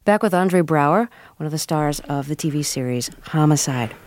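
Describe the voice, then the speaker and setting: A woman's voice: low-pitched, animated, moderate pace, a little mellow, no room sound. A woman hosting a radio interview, asking curious, probing questions. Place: radio studio. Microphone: studio mic.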